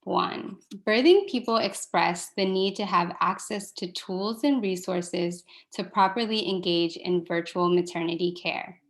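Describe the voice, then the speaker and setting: A woman reading a prepared research presentation in a steady, measured way. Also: lowish voice.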